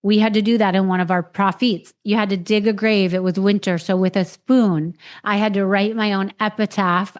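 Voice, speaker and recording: A woman's voice: medium pitch, steady tone, normal speed, few pauses. Woman host telling a raw personal story. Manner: frank, swears freely, retells with quoted voices. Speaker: podcast host.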